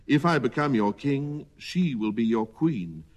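Man as a gracious young elephant king, measured and polite, long hall reverb. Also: mid-range voice, expressive.

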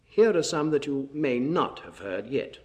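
A man's voice: mid-range voice, sing-song, a little slow, darkish tone. A man presenting for children, singing and reciting nursery rhymes in a playful, coaxing sing-song. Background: music.

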